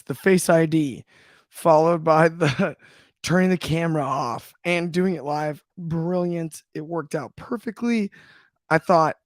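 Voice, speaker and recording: A man co-hosting a casual wrestling chat, enthusiastic and halting, often restarting his sentences. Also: on the high side, dry recording, clean studio sound. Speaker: podcast co-host.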